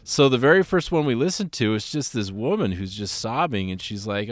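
A man co-hosting a podcast, telling a personal story in a relaxed, rambling way with lots of fillers. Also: on the low side, quick pace, hardly any pauses, no echo. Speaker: podcast co-host. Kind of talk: casual storytelling chat.

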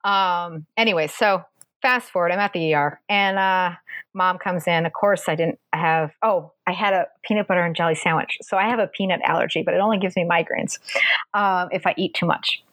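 A woman casually telling a personal story, animated and acting out the voices of the people in it. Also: fairly quick, no echo. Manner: animated, acts out quoted voices with pitch jumps.

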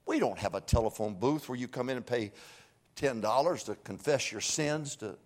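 A man preaching a revival sermon in a church, folksy and joking, pleading softly one moment and shouting from afar the next. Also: medium pitch, normal speed. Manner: swings from hushed pleading to far-off shouting. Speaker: guest preacher. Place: church sanctuary.

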